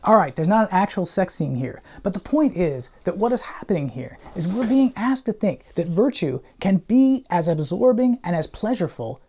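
A man's voice: sits high, big pitch swings, moderate pace, hardly any pauses, mellow. A male professor giving a classroom lecture in a playful, irreverent way, with slangy asides and theatrical readings of quoted passages.

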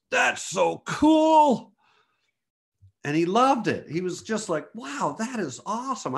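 Animated American man telling stories. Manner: animated storyteller, acts out quotes with big pitch jumps. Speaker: photographer giving a talk. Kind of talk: motivational talk to an online group.

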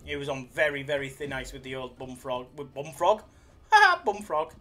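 A man's voice: mid-range voice, expressive, moderate pace, bright, forceful tone, soft background music. A young man hosting a casual live stream, joking and reading out viewers' messages. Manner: jokey, chatty, reads chat aloud. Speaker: slots live streamer, host.

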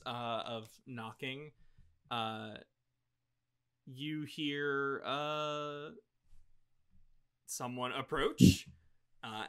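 A man's voice: medium pitch, clear, resonant tone. A man running a tabletop game as game master, narrating with lots of fillers and laughs.

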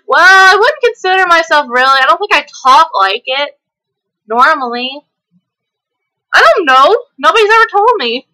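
Woman, high-pitched, bright tone, hyper chatty gameplay talk, drifts into a country twang. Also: very animated, a little slow, long pauses, low-quality recording. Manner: hyper, chatty, laughs often; slips into a country twang at times. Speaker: gameplay video host. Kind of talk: casual chat while playing.

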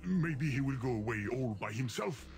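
A man's voice: mid-range voice, animated, moderate pace, lightly acted. Guy doing whiny exasperated game voice, game music going behind. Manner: exasperated, pleading. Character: flustered talking game, male, put-upon.

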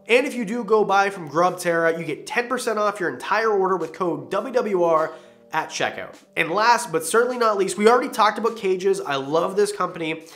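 A young man chats through his vlog with an eager, rambling energy and a slightly raised pitch. Faint music plays quietly behind him. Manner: enthusiastic, rambling. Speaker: reptile channel host. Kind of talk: casual vlog talk.

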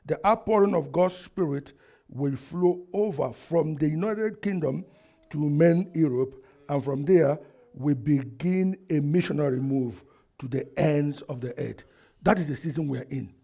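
A high, gravelly male voice delivering a church sermon at an unhurried pace. He reads steadily at first, then rises into loud exhortation and leads the congregation in call-and-response. The fry in his voice stays throughout. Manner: reads a prophecy quietly, then builds to shouted exhortation. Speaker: preacher.

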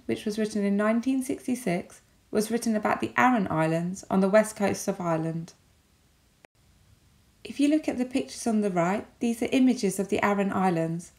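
A woman with an English accent, giving a recorded lesson as a teacher with clear, measured explanations. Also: medium pitch, darkish tone.

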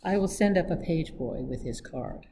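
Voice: mid-range voice, expressive, normal speed, gravelly, background noise. A reader voicing a polite male hotel desk clerk in an audiobook reading, speaking formally and courteously. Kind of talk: read-aloud audiobook acting.

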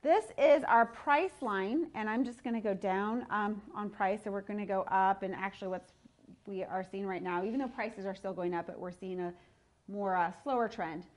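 A woman's voice: mid-range voice, normal speed. A woman real estate agent talks straight to a camera. She is upbeat and chatty as she walks through a monthly market update. Her delivery is casual and explanatory. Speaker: real estate team leader. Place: filmed by a videographer.

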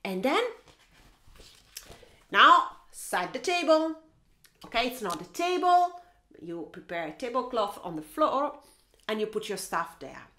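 A woman teacher reading a picture book aloud to children in an animated, playful way, with mouth sounds and sing-song asides. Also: a little high, unhurried, pauses often, echoey room. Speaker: teacher and storyteller.

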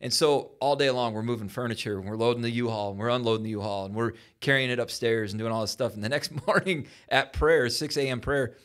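A man's voice: medium pitch, fast, hardly any pauses, a bit bright. A man hosting a church talk show as pastor, telling stories in a folksy, encouraging way. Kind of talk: casual chat.

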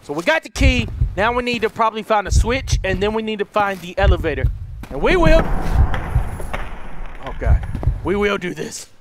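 A young man playing a horror game, talking to his viewers, swearing and yelling in panic at the monsters. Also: high voice, very animated, normal speed, long pauses, noisy background. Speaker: let's play gamer. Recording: loud game music behind. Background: game music.

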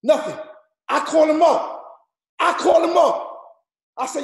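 Brief: loud, high-voiced man firing up a sales team in an echoey room, gravelly edges, drills every point twice. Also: unhurried. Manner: loud, repetitive, drilling the audience with numbered points; street-slang preaching, rough gravelly shouting. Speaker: network marketing leader. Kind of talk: shouted motivational speech.

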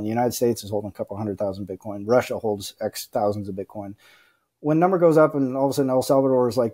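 A man's voice: lowish voice, warm tone. A man talking as a podcast guest in casual conversation, rambling with lots of "like" and "you know" and acting out the quoted voices of other people. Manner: rambling, acts out quoted voices, many fillers.

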